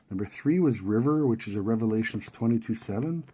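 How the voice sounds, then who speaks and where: A man talking casually to his viewers, retelling a dream and its meaning in a relaxed, rambling way with fillers and self-corrections. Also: mid-range voice, moderate pace, slightly rough. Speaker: video host recounting dreams.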